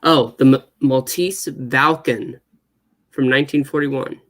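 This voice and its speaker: A man's voice: mid-range voice, steady tone, unhurried. A man co-hosting a movie reaction show in casual chat. He speaks hesitantly, with many fillers.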